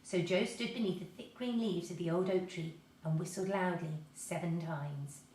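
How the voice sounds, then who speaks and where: A woman reading a children's story aloud, lively and expressive. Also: fairly low pitch, normal speed, a little hiss or hum. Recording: echoey room, mic at a distance.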